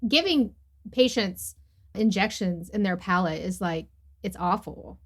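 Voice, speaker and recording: A woman's voice: mid-range voice, animated, unhurried, fairly bright tone. A woman co-hosting a podcast among dental hygienists, chatting casually, teasing the others and laughing easily. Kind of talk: casual chat.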